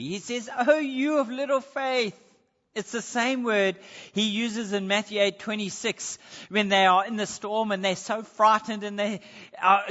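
His voice is high with a sharp edge as the man preaches earnestly, asking rhetorical questions and reading passages of scripture. Long hall reverb hangs over a dull-sounding recording.

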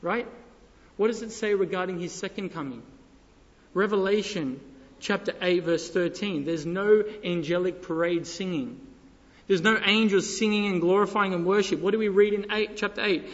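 A man preaching a sermon with passion, dropping to a hush and then rising to loud, urgent calls. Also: high voice, moderate pace. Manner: impassioned, swings from hushed to loud. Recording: dull sound with long hall reverb.

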